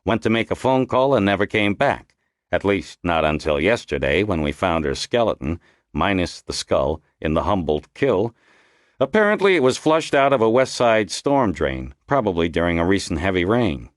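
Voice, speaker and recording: A man voicing an irritable, gruff male police lieutenant who talks bluntly and impatiently. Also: sits low, sing-song, normal speed, dry recording, studio quality. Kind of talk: audiobook character voice.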